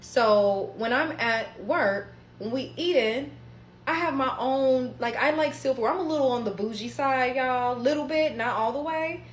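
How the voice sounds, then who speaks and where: Woman storyteller, fairly high voice, animated and profane, talking straight to viewers in a roomy space. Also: measured pace, slight background noise. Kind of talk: casual storytime monologue.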